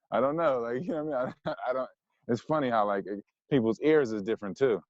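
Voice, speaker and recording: A man's voice: medium pitch, fairly quick, a little mellow, no echo, lo-fi sound. Rambling man with a mixed American accent. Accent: mixed American, Californian with Jersey and Detroit touches. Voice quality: slightly nasal. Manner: loose and rambling, many "like" and "you know what I mean" fillers. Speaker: podcast guest. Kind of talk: casual conversational interview.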